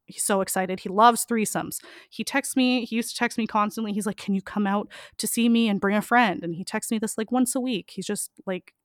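A woman's voice: mid-range voice, fairly quick, hardly any pauses, dry recording, clean studio sound. A young woman telling a frank story as a podcast guest, laughing often and saying "like" a lot. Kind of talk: casual storytelling.

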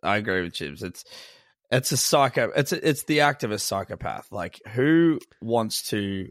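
Lowish-voiced man riffing on a podcast. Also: lively intonation, moderate pace, no room sound, clean studio sound. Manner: rambling, playfully acts out bits. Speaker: podcast co-host. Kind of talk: casual comedic banter.

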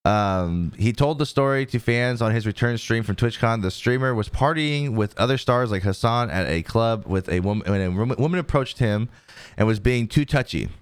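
A man's voice: medium pitch, expressive, normal speed, smooth, dry recording. A man hosting a podcast, casually reading news articles aloud with frequent ums and restarts. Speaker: podcast host.

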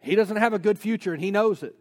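A man preaching a sermon as a pastor, energetic, posing rhetorical questions and dropping in casual personal asides. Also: high-pitched, fast.

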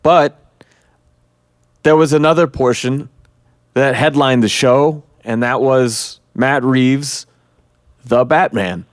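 A man's voice: mid-range voice, slow, pauses often, dry recording, clean studio sound. A man hosting a podcast in casual chat, rambling on and swearing freely. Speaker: podcast host.

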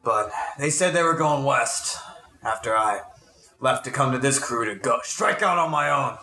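Bright-voiced man, dry and offhand. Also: medium pitch, animated, normal speed. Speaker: tabletop game player. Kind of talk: casual game chat, in character at times. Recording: roomy recording.

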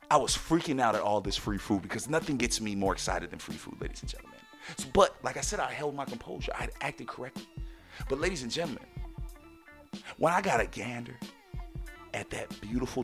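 A man hosting a podcast, telling stories in a casual monologue with loud, excited exclamations, and addressing listeners as "ladies and gentlemen". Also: medium pitch. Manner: animated storyteller, bursts into loud excited exclamations. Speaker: podcast host.

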